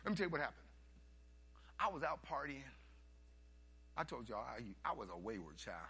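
Gravelly, bright-voiced storytelling preacher man. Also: mid-range voice, fairly quick. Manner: animated, swinging from hushed asides to loud bursts. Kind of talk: storytelling sermon.

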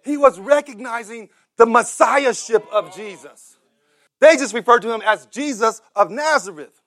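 High, bright-voiced preacher acting out scripture. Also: male voice, normal speed. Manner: dramatic, acts out the voices of beggars and crowds; repeats words, builds up to shouted cries. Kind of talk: sermon.

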